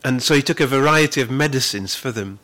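Male pastor, sermon, earnest, slows down for scripture, repeats words, mid pitch. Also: sharp tone.

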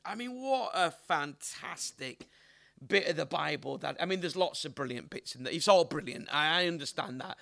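Casting note: male preacher, fifties, high and forceful, emphatic sermon delivery with questions thrown to the room. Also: lively intonation, moderate pace, gravelly. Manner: emphatic, asks the audience rhetorical questions. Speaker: evangelist preacher.

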